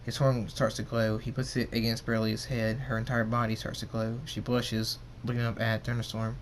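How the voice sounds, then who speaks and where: A man reads a fan-fiction story aloud in a mid-pitched, ordinary voice. He trips over words and repeats them as he goes. A faint hiss runs under the recording. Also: little pitch movement, normal speed. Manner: stumbling, repeats words while reading.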